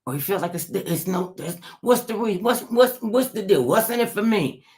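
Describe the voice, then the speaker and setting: A woman's voice: mid-range voice, animated, moderate pace, darkish tone. A woman host giving an impassioned livestream monologue, preachy, firing rhetorical questions at her listeners and repeating phrases for emphasis.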